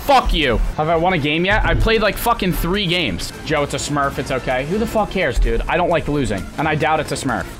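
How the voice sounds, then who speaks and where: A young man streaming a video game on a headset mic, frustrated and cursing, often breaking into angry shouts. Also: fairly high pitch, animated, fairly quick, hardly any pauses. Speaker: gaming streamer. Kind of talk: live gameplay commentary. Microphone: gaming headset. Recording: game music playing behind the voice. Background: game music.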